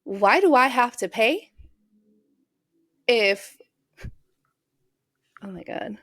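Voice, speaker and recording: A woman's voice: a little high, expressive, very slow, fairly bright tone. A woman co-hosting a podcast in casual chat, incredulous and blunt, swearing freely as she asks pointed questions. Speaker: podcast co-host.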